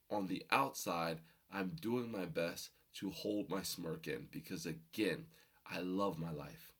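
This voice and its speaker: A young man telling personal stories to an audience, animated and humorous, building to emphatic points. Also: low-pitched, takes it slowly, slightly rough. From New Jersey. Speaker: motivational storyteller. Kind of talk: storytelling talk to an audience.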